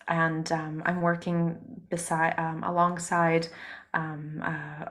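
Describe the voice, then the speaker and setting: Hoarse soft-spoken woman, low flat voice. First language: Russian. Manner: soft-spoken, many ums and pauses. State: hoarse from a cold. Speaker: singer and musician, interview guest. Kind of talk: casual interview chat.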